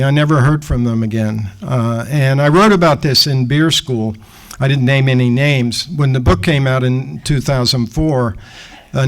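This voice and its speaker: A man in his sixties at the lectern, spinning a story with an everyday, mid-pitched voice. He tells it in a lively way and slips into the voices of the people he describes. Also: poor audio. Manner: animated anecdote telling, acting out the people in the story. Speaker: guest speaker. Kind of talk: storytelling lecture.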